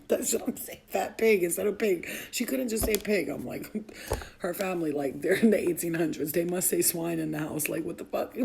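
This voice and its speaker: A woman's voice: medium pitch, gravelly, warm tone. A woman vlogger and mother telling a story in a casual, profane way, laughing often. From Albanian family.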